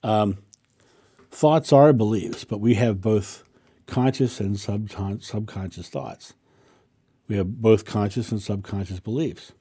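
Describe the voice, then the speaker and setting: A man who is a spiritual teacher, calmly answering a viewer's question in a casual monologue and repeating affirmations as he explains. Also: lowish voice, takes it slowly, slightly rough.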